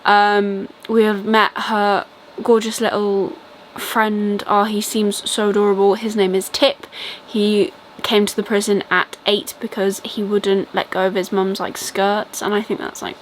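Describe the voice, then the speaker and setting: A woman's voice: mid-range voice, little pitch movement, measured pace, few pauses, a little hiss or hum, poor audio. A young British woman with a British accent chatting casually through a reading update, rambling with lots of ums and likes. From Britain. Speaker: book vlogger.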